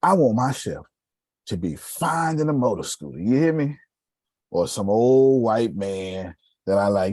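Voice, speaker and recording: A middle-aged man coaching a sales class, animated and preachy, tossing questions to the room. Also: lowish voice, unhurried, dry recording. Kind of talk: live coaching session.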